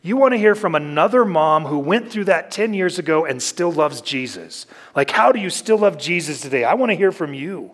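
A man's voice: on the high side, lively intonation, normal speed, few pauses. A man, a pastor, giving a conversational sermon, telling personal stories candidly and with self-deprecating humor.

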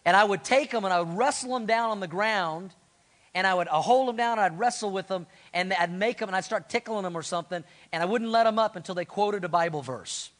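A middle-aged man preaching a sermon as pastor, animated and asking the congregation to answer back. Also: sits high, fairly quick. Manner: animated, call-and-response with congregation.

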